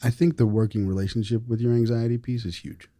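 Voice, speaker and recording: A man co-hosting a podcast who speaks in a measured, thoughtful way and often trails off quietly. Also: medium pitch, fairly even intonation, no room sound. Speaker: podcast co-host. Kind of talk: podcast discussion.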